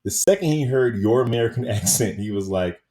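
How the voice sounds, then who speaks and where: A man's voice: mid-range voice, animated, a little fast, mellow. A man co-hosting a casual movie review podcast, laughing often and acting out quotes as he talks. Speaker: podcast co-host.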